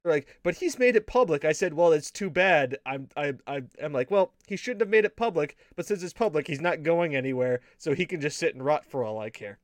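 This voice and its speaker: A man's voice: on the high side, animated, brisk, hardly any pauses, no room sound. A man co-hosting a casual gaming show, telling rambling stories full of swearing and laughter. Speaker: podcast co-host.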